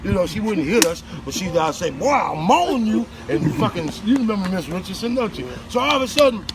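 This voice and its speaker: A man telling a profane, animated work story to friends, often laughing and shouting. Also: high voice, fast, background noise. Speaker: bricklayer telling work stories. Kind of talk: casual storytelling among friends. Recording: loud music behind.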